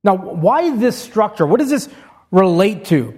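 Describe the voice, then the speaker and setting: A man's voice: high-pitched, very animated, a little slow, dark tone, slightly rough. A man preaching an expository sermon, reading scripture aloud and explaining it step by step in an earnest way.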